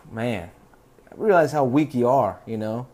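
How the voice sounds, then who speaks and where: A man's voice: mid-range voice, expressive, slow, darkish tone. A man hosting a podcast, telling stories in a rambling, profane, laid-back way. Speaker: podcast host. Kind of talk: casual rambling monologue.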